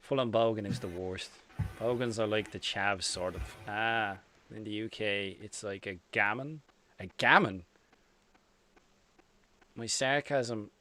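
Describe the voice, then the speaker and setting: A man's voice: lowish voice, unhurried, bright, forceful tone. An Irish man hosting a casual hobby livestream, bantering, swearing and reading out chat comments. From Ireland. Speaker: host.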